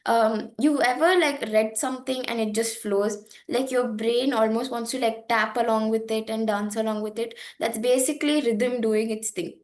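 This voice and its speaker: A woman's voice: on the high side, fairly even intonation, normal speed, few pauses. A young woman teaching an online poetry lesson from slides, explaining patiently with frequent fillers and check-ins. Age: young adult.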